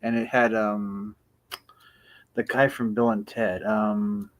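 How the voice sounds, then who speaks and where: A man's voice: fairly low pitch, flat delivery, slow. A man chatting on a podcast in a laid-back, hesitant way, often restarting his sentences. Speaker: podcast co-host. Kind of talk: crude casual chat.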